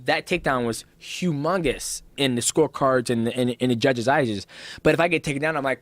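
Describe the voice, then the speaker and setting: A man in his thirties tells fight stories in a podcast studio, acting out each voice and swearing freely. His voice sits at an ordinary middle pitch, and the sound is close and dry with no room echo. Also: a little fast. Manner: animated storyteller, acts out voices of others, swears freely. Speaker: professional fighter, guest. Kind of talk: casual podcast conversation.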